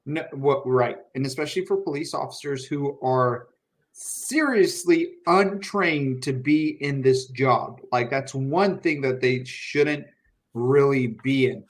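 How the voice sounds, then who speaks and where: A man co-hosting a podcast, talking in a mocking, animated way, swearing often and laughing between lines. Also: mid-range voice, slow. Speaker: podcast co-host. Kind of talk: casual profane political chat.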